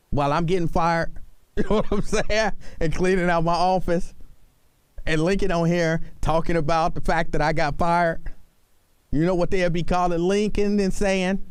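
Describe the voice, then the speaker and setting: A man hosting a radio talk show, bantering and arguing in a mock-serious, animated way. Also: sits high, normal speed, clear, resonant tone, no room sound.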